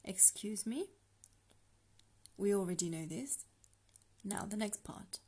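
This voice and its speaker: On a podcast, a woman teaches a language lesson patiently and slowly, breaking phrases into parts for the listener to repeat. Her voice is medium-pitched and mellow.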